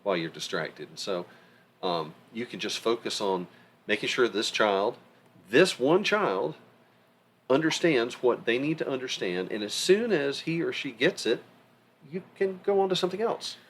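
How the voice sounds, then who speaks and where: A man's voice: medium pitch, normal speed, slight background noise. A middle-aged man co-hosting a podcast, talking in a casual, emphatic way. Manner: animated, emphatic storytelling. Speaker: podcast co-host. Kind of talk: casual conversation.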